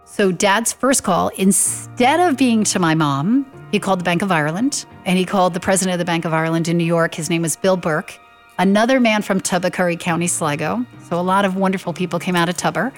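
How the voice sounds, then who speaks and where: Lower-pitched woman telling family stories. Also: fairly quick, faint music behind. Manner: lively storyteller who acts out quoted voices. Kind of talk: anecdotal storytelling.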